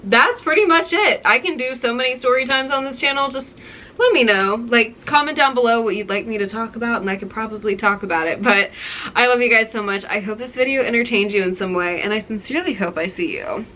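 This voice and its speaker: Bright-voiced chatty young woman vlogger. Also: fairly high pitch, quick pace. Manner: chatty, many fillers and likes. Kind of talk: casual story time.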